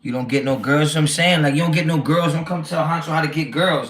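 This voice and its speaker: A man's voice: on the high side, fairly quick, a bit bright. A man hosting a casual football livestream, talking brashly and with a lot of swearing as he answers his chat. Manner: brash, profane, reads chat aloud. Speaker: livestream host.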